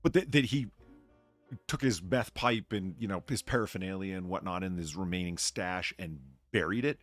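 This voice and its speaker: A man's voice: deep voice, normal speed, fairly bright tone, faint music behind. A man hosting a casual livestream chat, reading out chat comments with wry, profane remarks. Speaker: host.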